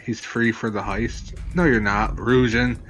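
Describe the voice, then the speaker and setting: A man's voice: lowish voice, steady tone, unhurried, fairly bright tone, soft background music. A man joining a game stream as a guest, chatting in an easygoing, teasing way. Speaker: guest player. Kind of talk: casual chat.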